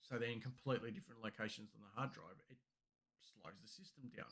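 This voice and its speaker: A man's voice: on the low side, fast talker. A man co-hosting a casual tech podcast, rambling through stories and acting out what people say. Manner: rambling, animated storytelling with acted-out quotes. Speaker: podcast co-host.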